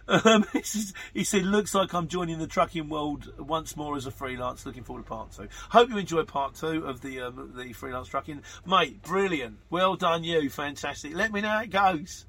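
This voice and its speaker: A man's voice: fairly high pitch, moderate pace, hardly any pauses, a bit bright, husky. A man hosting a podcast, chatting casually and rambling through listener messages with plenty of fillers. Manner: chatty, rambling, matter-of-fact with frequent fillers. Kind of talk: casual chat.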